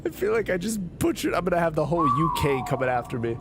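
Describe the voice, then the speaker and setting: A man's voice: on the high side, sing-song, quick pace, heavy background noise. A drunk man streaming a story game, rambling, swearing and chatting with his viewers. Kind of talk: casual let's-play commentary.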